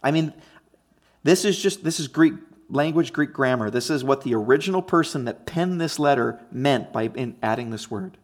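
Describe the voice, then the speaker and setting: A man's voice: medium pitch, expressive, normal speed. A man preaching a conversational teaching sermon, emphatic and often checking in with his listeners. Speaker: pastor.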